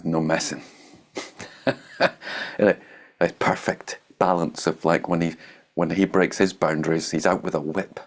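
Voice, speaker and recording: A man teaching an informal dharma talk, blunt and irreverent, swearing, laughing and slowing down to stress his words. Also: deep voice, level tone. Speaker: meditation teacher.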